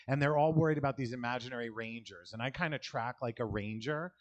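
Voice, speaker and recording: A man's voice: medium pitch, brisk, few pauses. A man with a New York accent performing a loose, rambling stand-up set with self-deprecating asides, recorded at an outdoor alley show. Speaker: stand-up comic.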